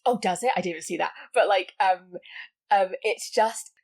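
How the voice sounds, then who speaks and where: A woman's voice: mid-range voice, normal speed, vocal fry. A woman talking casually about a film as a podcast guest, full of likes and restarts. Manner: chatty, many likes and restarts.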